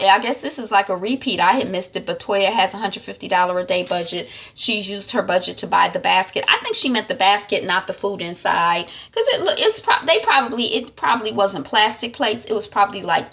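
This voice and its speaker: A woman talking through a TV episode recap in a chatty, rambling way, with animated asides. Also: medium pitch, creaky. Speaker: reality TV recap vlogger. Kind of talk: casual recap chat.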